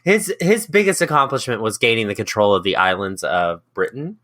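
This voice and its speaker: A man's voice: fairly low pitch, fairly quick. A man co-hosting a history podcast, joking playfully through casual chat. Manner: playful, jokey, lively delivery. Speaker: podcast co-host.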